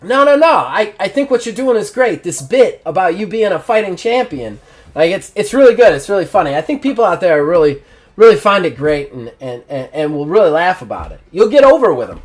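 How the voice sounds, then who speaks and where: A man's voice: sits high, big pitch swings, fairly quick, pitched above the performer's own voice. A man voicing an easygoing young male wrestler who teases a rival in a mocking tone. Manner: teasing, mocking.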